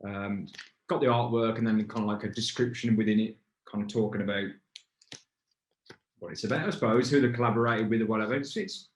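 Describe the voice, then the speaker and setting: A man hosts a relaxed beer review with a friend. His voice sits a touch low and he rambles, often breaking off to restart a thought. The room around him rings with echo. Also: fairly quick. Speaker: pub beer review host. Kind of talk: casual chat. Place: pub.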